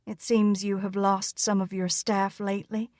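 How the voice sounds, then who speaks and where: A woman's voice: medium pitch, little pitch movement, normal speed, darkish tone, no echo, clean studio sound, lightly acted. A woman doing a silky teasing southern belle. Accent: American Southern. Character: young southern woman in disguise, teasing and poised.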